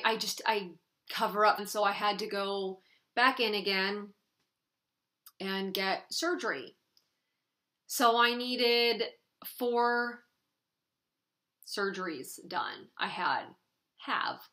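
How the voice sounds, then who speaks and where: A young woman chatting straight to camera in a casual vlog, telling her own story candidly and earnestly. Her voice is bright and forward, at an ordinary middle pitch for a woman. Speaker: vlogger. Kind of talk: casual sit-down vlog chat.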